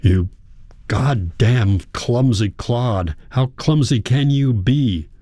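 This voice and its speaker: A man's voice: mid-range voice, takes it slowly, warm tone, dry recording, studio quality, pitched above the performer's own voice. A man voicing a harsh, bullying older father in a spoken story, snarling with scorn. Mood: scornful.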